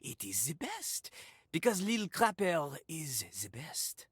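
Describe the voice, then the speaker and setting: A man's voice: on the high side, big pitch swings, slow pace, a bit bright, breathy edge, dry recording, clean studio sound, exaggerated voice. An actor voicing a cocky, boastful male toilet character in a game, rapping in rhyme and hyping himself up.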